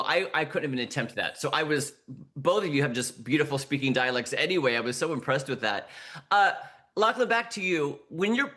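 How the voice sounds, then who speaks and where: A man's voice: on the high side, a bit bright. A man interviewing actors, effusive and full of compliments, often restarting his sentences. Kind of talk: entertainment interview.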